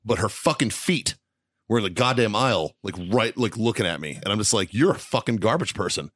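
A man's voice: fairly low pitch, expressive, brisk, fairly bright tone, no echo. A man hosting a podcast in a studio, telling a long, profane, rambling story with frequent laughs. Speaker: podcast host.

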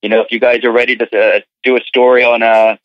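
Male guest, Philly accent, relaxed and rambling, thin lo-fi phone sound. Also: medium pitch, fast talker, no room sound. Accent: Philadelphia. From United States. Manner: relaxed, lots of fillers. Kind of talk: casual chat on a phone line. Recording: thin phone-line audio.

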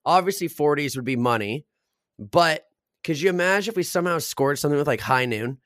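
A man's voice: on the high side, brisk, no echo, clean studio sound. A man in his twenties, a podcast co-host, telling stories in casual chat with plenty of swearing. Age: 20s. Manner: swears a lot, animated storytelling.

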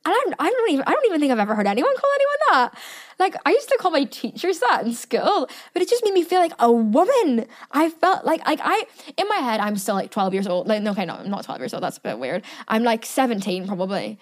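A woman's voice: sits high, very animated, fast talker. A woman in her twenties hosting a podcast, chatting casually and rambling with lots of fillers. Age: 20s. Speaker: podcast host. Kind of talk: casual chat.

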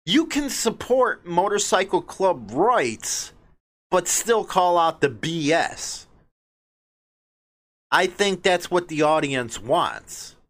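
Blunt, animated Chicago man commentating. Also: sits high. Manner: blunt, combative, mocking asides while reading news quotes. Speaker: host of a biker news show. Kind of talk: opinionated news commentary.

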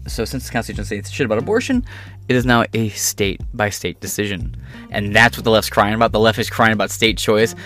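A man's voice: fairly low pitch, expressive, a little fast, a bit bright, soft background music. A man giving ranting political commentary in a profane, sarcastic and combative way.

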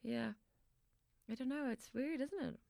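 A woman's voice: sits high, measured pace, creaky, a little mellow, no echo, studio quality. A young actress chatting as a podcast guest, laughing often and restarting her sentences. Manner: laughs often, self-deprecating, many restarts. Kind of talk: casual chat.

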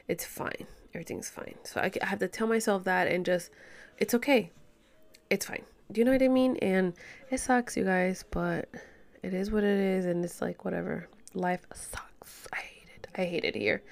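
Young cali woman venting to her followers, swears a lot, goes loud then whispery. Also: mid-range voice. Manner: animated, swearing, code-switching slang, drops to whispers. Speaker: vlogger. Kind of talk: casual rant to listeners.

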